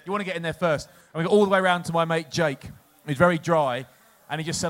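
A man from England with a slightly higher voice spins a rambling anecdote for a live crowd. He is loose and chatty and laughs at his own stories. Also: steady tone, fast, a bit bright. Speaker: podcast co-host, former rugby player. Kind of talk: casual anecdote-telling before a live audience.

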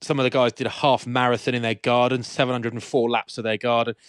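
A man co-hosting a podcast in casual chat, chatty and quick to laugh. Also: mid-range voice, level tone, no echo, clean studio sound. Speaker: podcast co-host.

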